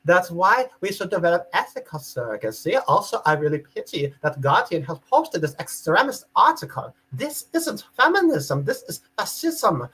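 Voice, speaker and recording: A man voicing an indignant foreign woman commenter, speaking in halting, stilted phrases with a generic foreign accent. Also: medium pitch, husky, close to an everyday voice, poor audio.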